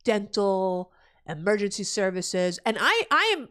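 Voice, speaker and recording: A young woman from New Jersey talks to her live-stream chat in a loose, profane rant. Her voice swoops high and low with lively, animated pitch. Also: measured pace, clean tone. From New Jersey, USA. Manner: profane ranting, loud swings in pitch. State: pregnant.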